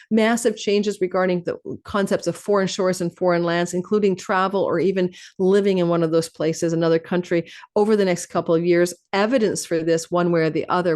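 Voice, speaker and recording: Woman astrologer host, rapid and animated delivery, stacks phrases into lists. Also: lowish voice. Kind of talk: fast-talking astrology forecast monologue.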